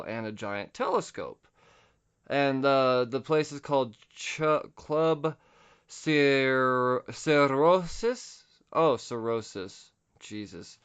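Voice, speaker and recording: A young man hosting a podcast casually recaps a comic book, loose and profane, swearing freely and laughing at his own stumbles. His voice is medium-pitched and smooth. The podcast audio is lo-fi and slightly dull.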